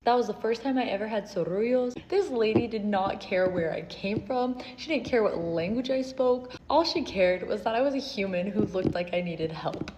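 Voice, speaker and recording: A young woman telling an earnest, emotional story from her own life as a vlogger, with soft laughs now and then. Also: mid-range voice, moderate pace, few pauses, muffled recording. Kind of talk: personal storytelling. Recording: slight hall reverb, faint noise.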